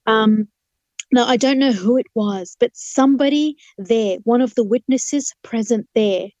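Lady lawyer telling her testimony, earnest, acts out the dialogue, highish mellow voice. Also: measured pace, dry recording, lo-fi sound. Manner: earnest, vivid storyteller who acts out dialogue. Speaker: human rights lawyer, guest. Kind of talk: testimony storytelling in an interview.

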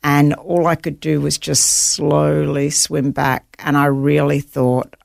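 In a storytelling interview, a female author appears as a guest to recount surviving at sea, vividly and earnestly, quoting her own thoughts along the way. Her voice is low and gravelly, with little pitch movement and a slow pace. The recording is dry and studio quality.

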